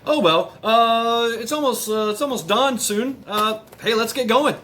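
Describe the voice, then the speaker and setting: A man's voice: extremely high pitch, unhurried, bright, forceful tone, slight background noise, pitched above the performer's own voice, heavily acted. A man voicing a god who has just woken under a tree, grumbling. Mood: groggy.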